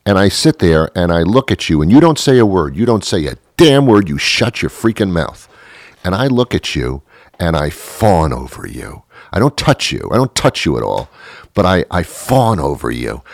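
Deep-voiced man hosting a rambling comic monologue. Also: no echo, clean studio sound. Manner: rambling, sarcastic and playful. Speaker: host. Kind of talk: comedic monologue.

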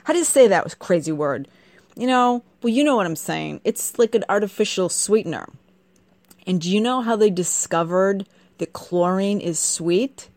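A woman host delivering a casual comedic rant. She is sarcastic and emphatic, scolding her listeners, and her voice sits at an ordinary pitch. The recording is close and dry. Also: expressive, moderate pace, darkish tone, no room sound.

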